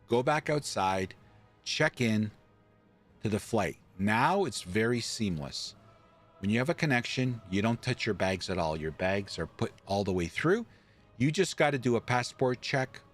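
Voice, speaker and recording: A man from Canada, a streamer, telling a story in a casual, animated way, acting out quoted lines and swearing casually. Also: on the low side. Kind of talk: casual storytelling while gaming.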